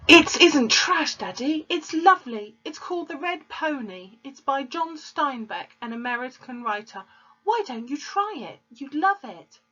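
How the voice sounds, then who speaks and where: A woman voicing a polite, bright little girl who speaks sweetly and pleads. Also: high-pitched, sing-song, a little slow, pitched above the performer's own voice, full character voice. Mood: pleading sweetly. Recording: dull lo-fi recording.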